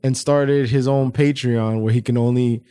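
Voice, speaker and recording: A man's voice: mid-range voice, normal speed, clear, resonant tone. A man co-hosting a podcast, talking in loose, joking banter and swearing freely. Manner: animated, laughing, swears freely. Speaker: podcast co-host. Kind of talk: casual banter.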